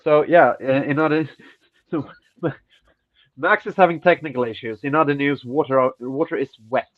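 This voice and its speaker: A man's voice: on the high side, normal speed, phone-quality sound. A man co-hosting a podcast in casual chat, ranting and swearing, with a stuffy nose. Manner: profane, ranting, animated. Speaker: podcast co-host.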